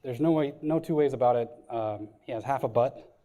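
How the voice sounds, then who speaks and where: A man interviewing a guest in a casual, slightly hesitant way. His voice has a mellow, dark tone and a middle pitch. He sounds a little off from the mic. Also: brisk.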